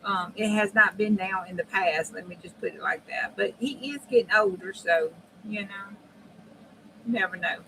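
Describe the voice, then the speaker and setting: A woman's voice: medium pitch, normal speed, creaky, a bit bright. Chatty woman crafting on a noisy stream. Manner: chatty, thinks aloud while working, drops to near-whispers. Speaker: crafting channel host. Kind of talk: casual craft livestream talk. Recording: noisy background.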